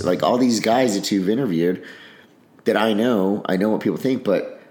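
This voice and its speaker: A podcast guest who served in army special operations chats frankly in a casual interview, swearing and playing out bits of dialogue. His lowish voice is a little mellow and moves at a moderate pace, with a roomy sound around it.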